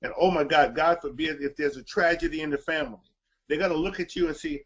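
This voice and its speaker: A middle-aged man with a fairly high voice delivers a preaching talk to fathers. He repeats his points for emphasis. The recording sounds dull and lo-fi. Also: fast, slightly rough. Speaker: guest speaker. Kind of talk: encouraging show talk.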